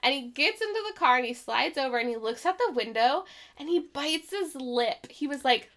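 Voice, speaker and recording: A woman co-hosting a casual podcast, giggling as she retells a TV episode in an animated way. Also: sits high, normal speed. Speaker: podcast co-host recapping an episode. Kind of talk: casual chat.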